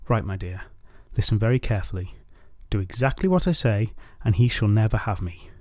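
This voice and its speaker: A man voicing an exasperated, scheming noblewoman, scolding and brisk as she takes charge, on a dry close mic. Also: lowish voice, a little mellow, no room sound, lightly acted. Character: sharp-tongued exasperated noblewoman, scheming and cool.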